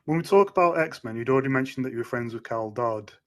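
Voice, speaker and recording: A man's voice: medium pitch, fast talker. A man hosting a casual interview, asking questions with hesitant fillers and giving brief affirmations. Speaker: interview host.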